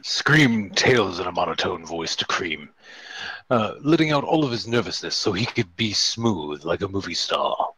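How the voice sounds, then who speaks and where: Man reading fanfic aloud, husky low voice, lively pitch, dry close mic, deadpan narration. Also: moderate pace, no echo, low-quality recording. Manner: narrates deadpan, chuckles at the text. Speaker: host and fanfic reader.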